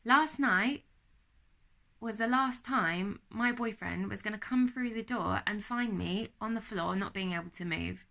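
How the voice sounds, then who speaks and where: Bright-voiced young British woman vlogging. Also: medium pitch. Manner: earnest and confiding, chatty with fillers. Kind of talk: candid personal vlog. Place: at home.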